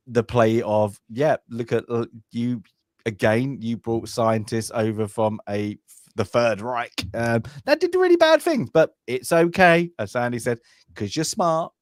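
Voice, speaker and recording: A man's voice: fairly low pitch, dry recording, clean studio sound. A man co-hosting a film club, chatting casually and rambling, often laughing and acting out lines from the film.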